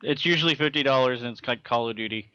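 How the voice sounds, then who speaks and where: Bright-voiced, cynical podcast guy. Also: medium pitch, fast talker, smooth, no room sound. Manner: sardonic, cynical asides. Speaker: gaming podcast co-host. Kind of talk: casual chat. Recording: slightly dull, dry mic.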